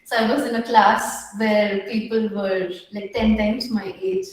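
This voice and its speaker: A young woman pitching her startup, a bit nervous, with many filler pauses and restarts. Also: fairly even intonation. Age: young adult. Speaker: startup founder. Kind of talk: pitch at an online women entrepreneurs' meetup. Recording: very echoey room.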